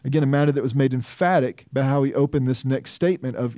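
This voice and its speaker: A man's voice: medium pitch, quick pace, mellow, no echo, studio quality. A man preaching an expository sermon as pastor. He reasons aloud in an earnest way, often restarting and putting questions to himself.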